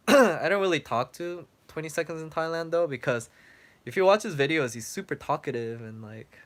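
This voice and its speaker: Speaking at normal speed in a voice on the high side, a young man who travel-vlogs fields viewer questions in a casual livestream chat, filling it with fillers. His voice is getting worn out, and he clears his throat as he loses it.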